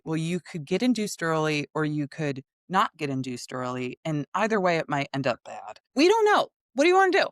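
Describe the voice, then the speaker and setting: A woman in her thirties, appearing as a guest improv teacher, tells personal stories in a casual conversation, laughing frequently and narrating with animation. Her voice sits low, and the recording is dry, clean studio sound.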